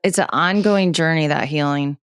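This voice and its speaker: A woman's voice: low voice, moderate pace, clear, resonant tone, no echo, studio quality. A woman hosting a podcast interview, casual and supportive, often agreeing with her guest. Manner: supportive, frequent yeahs and mm-hmms. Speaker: podcast host.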